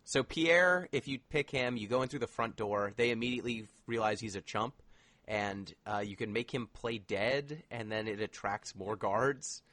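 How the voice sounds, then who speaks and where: A man's voice: mid-range voice, normal speed, fairly bright tone, no room sound. A man co-hosting a casual podcast chat, explaining things at length with lots of filler words. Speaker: podcast co-host.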